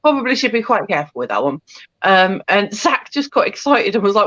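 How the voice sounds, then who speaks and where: A woman hosting a casual chat over a video call, animated and laughing often as she tells stories. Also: mid-range voice, brisk, no echo, lo-fi sound. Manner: giggly, animated storyteller. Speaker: host.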